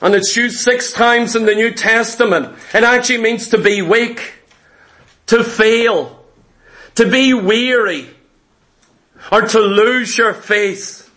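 A man's voice: extremely high pitch, slow pace, pushed and bright. A man preaching a fervent sermon, repeating phrases and calling out to the congregation as saints.

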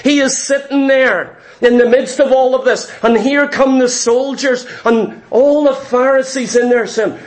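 High-voiced, emphatic male preacher. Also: fairly even intonation, a little slow, few pauses. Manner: forceful, emphatic preaching with repeated phrases. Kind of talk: sermon.

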